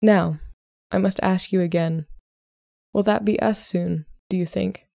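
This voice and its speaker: A woman reading as a plain-spoken young gentleman suitor who talks in a calm, matter-of-fact way. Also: high voice, unhurried, gravelly, dry recording, studio quality. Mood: steady.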